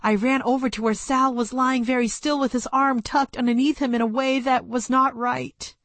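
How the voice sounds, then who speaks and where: A woman narrates a first-person audiobook story close to a studio mic, in a plain, measured manner. Her voice is high-pitched and steady with a slightly bright tone, and no room sound comes through.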